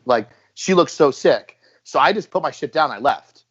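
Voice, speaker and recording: Guy on a podcast telling a story, kinda high voice, acts out the quotes, muffled audio. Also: animated, moderate pace, husky. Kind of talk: casual podcast chat.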